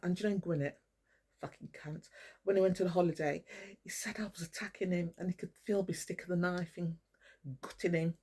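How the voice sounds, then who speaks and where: A woman's voice: on the low side, steady tone, a little fast, dark tone. An older woman, talking to camera in an angry, rambling monologue full of swearing, calling out people by name. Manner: swears a lot, rants, addresses people directly. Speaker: vlogger.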